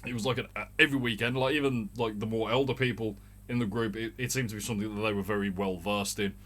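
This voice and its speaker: A man's voice: fairly low pitch, steady tone, fast, a bit bright. A man in his thirties with a mild Birmingham accent, rambling casually through a solo rant as the show's host. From Birmingham, England. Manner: rambling, chatty, swearing. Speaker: podcast host.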